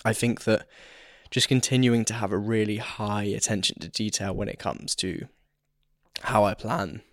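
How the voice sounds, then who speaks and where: Guy doing a solo podcast, voice going hoarse, lowish and dry. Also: steady tone, normal speed, fairly bright tone, no echo. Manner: reflective, candid, rambling. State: hoarse, losing his voice. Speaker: podcast host.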